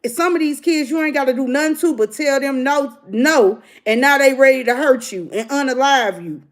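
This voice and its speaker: Middle-aged woman, host of a casual livestream, blunt and preachy, voice sits a bit high. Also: moderate pace. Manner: blunt, preachy, talks straight to viewers.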